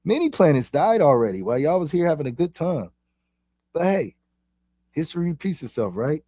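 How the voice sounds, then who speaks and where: Male vlogger: casual, profane, slangy rambling, lively pitch swings. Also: brisk, no room sound. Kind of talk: casual spiritual monologue.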